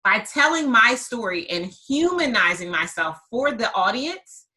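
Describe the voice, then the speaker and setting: Bright-voiced woman podcast host. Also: a little high, very animated, unhurried, poor audio. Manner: emphatic, repeats words for effect. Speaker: podcast host and business coach. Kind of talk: conversational storytelling.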